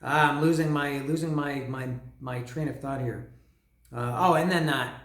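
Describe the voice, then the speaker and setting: Excitable man in an echoey room. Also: fairly high pitch, normal speed. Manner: excitable, stumbling, self-apologetic. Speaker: podcast host. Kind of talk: casual music album commentary. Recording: roomy echo.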